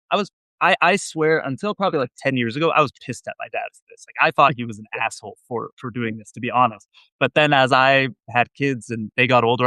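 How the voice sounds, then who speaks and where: A man's voice: medium pitch, bright, forceful tone, no room sound, studio quality. Rambling, self-deprecating man telling stories. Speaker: guest, venture investor. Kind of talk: casual interview storytelling. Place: at his computer, remote.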